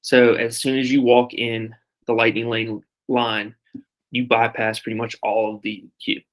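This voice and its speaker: A man's voice: mid-range voice, flat delivery, measured pace. A man co-hosting a casual podcast, describing a ride with enthusiasm. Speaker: podcast co-host.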